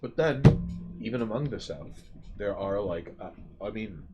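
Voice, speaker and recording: A man's voice: fairly low pitch, animated, normal speed, dull audio, loud music behind the voice. A man co-hosting a casual podcast, rambling and swearing, often trailing off and restarting mid-sentence. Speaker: podcast co-host. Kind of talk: casual chat.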